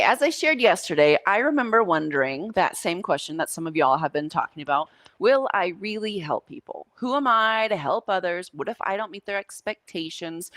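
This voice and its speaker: A woman's voice: fairly low pitch, dry recording, studio quality. A woman teaching a coaching class, talking casually and telling stories to her students. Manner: casual, storytelling, says y'all. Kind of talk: live coaching class talk.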